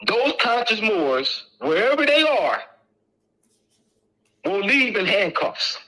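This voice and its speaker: Addressing an audience, a middle-aged man speaks in a high, sharp, forceful voice, hammering home each point through emphatic repetition. His tone is casual yet insistent, with big pitch swings and a slow pace, captured in a low-quality recording.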